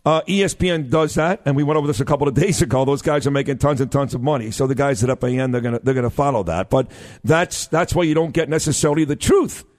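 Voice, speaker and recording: A man's voice: medium pitch, fast talker, a little mellow. A middle-aged man co-hosting a talk radio show, opinionated and emphatic, laughing easily. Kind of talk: casual talk radio banter.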